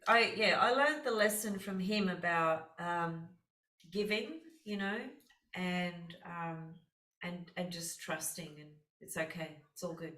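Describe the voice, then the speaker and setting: A woman's voice: fairly low pitch, slow pace, pushed and bright, echoey room, distant mic, poor audio. A woman astrologer hosting a casual conversation, telling heartfelt stories with lots of fillers. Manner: earnest, heartfelt storytelling with many fillers. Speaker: astrologer host.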